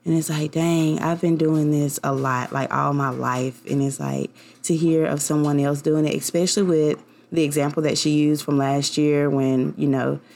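A young woman hosts her own podcast, delivering a loose, confessional monologue in a low, gravelly voice with vocal fry. Her intonation is fairly even and her pace moderate as she rambles warmly and heartfeltly, full of likes and you knows.

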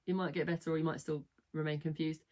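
A woman's voice: deep voice, level tone, quick pace, dark tone. A woman hosting a casual live stream, retelling a book in a rambling, self-correcting way and often asking "right?".

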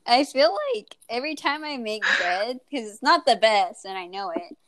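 A woman's voice: a little high, expressive, moderate pace, a bit bright, no echo. A woman co-hosting a podcast, chatting casually in a self-deprecating way and laughing often. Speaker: podcast co-host. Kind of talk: casual chat.

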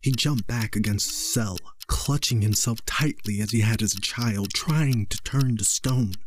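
A man narrating a horror story in a slow, measured way. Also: lowish voice, a little hiss or hum.

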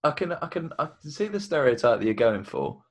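A man co-hosting a casual podcast chat, teasing his friend with quick wisecracks. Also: a little high, big pitch swings. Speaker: podcast co-host.

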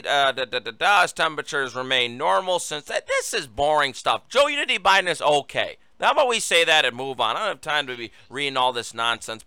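Male talk host, political monologue, sarcastic rant, bright sharp voice, dry close sound. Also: fairly high pitch, clean tone, no echo. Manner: sarcastic, ranting, addresses listeners as folks. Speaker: radio talk show host.

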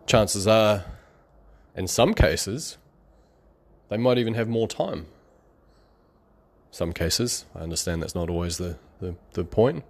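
A man giving a rambling, conversational motivational monologue about money beliefs, with some sarcasm and quick laughs. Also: fairly low pitch, lively intonation, gravelly.

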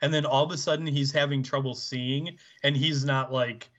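A man co-hosting a podcast who chats casually and crudely about an episode and makes slow, deliberate critiques. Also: medium pitch, steady tone, a bit bright, muffled recording. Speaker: podcast co-host. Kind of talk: casual profane recap chat.

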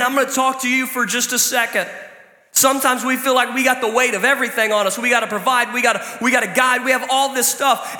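A male pastor preaching a sermon to his congregation from a church stage. He talks in a lively, conversational way and mixes in joking stories. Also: sits high. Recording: echoey church hall.

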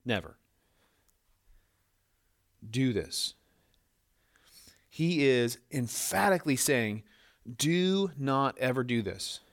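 A man preaching a sermon as a pastor, emphatic and repeating words to drive points home, with small restarts as he explains. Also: mid-range voice.

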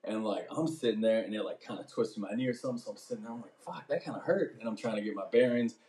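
A man's voice: lowish voice, steady tone, very fast, warm tone, reverberant. A young man telling a rowdy story with profanity and sound effects as a podcast co-host. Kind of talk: casual storytelling chat.

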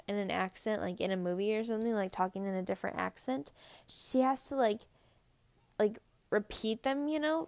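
Teen girl podcaster, chatty and giggly, slight vocal fry, dry close mic. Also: medium pitch, a little mellow, no echo. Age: teens. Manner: rambling, giggly, lots of "like". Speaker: podcast co-host. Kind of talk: casual solo podcast chat.

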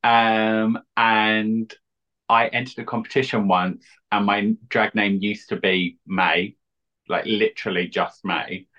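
A man, a drag queen chatting as an interview guest, cheeky and deadpan. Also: fairly low pitch, takes it slowly. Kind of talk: casual interview chat. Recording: dull lo-fi audio.

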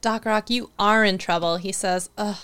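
A woman hosts a live stream in easy, chatty talk with a smooth, clear voice. She is playful and teasing, quick with a joke at a friend's expense. Her pitch sits in the middle range. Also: fairly even intonation, a bit bright. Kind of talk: casual live stream chat.

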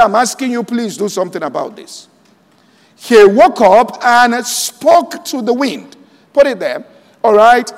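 High-voiced pastor preaching in a hall. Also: male voice. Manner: preaching slowly and deliberately, quoting scripture aloud; checks in with the congregation often. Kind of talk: sermon. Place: large church hall. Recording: long hall reverb.

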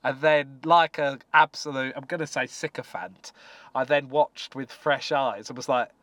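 A man co-hosting a casual morning chat show, bantering in a lively, chatty way. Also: medium pitch, normal speed, dry recording. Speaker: co-host.

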